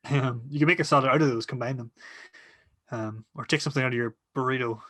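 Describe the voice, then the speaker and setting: Bright-voiced teasing man. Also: mid-range voice, steady tone, quick pace, dry recording. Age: young adult. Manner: teasing, playful. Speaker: podcast co-host. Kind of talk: casual chat.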